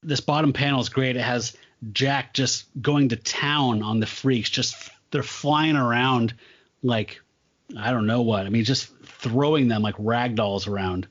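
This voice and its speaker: A man's voice: mid-range voice, unhurried, dull audio. Enthusiastic man recapping a comic. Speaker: comic book podcast co-host. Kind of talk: casual chat.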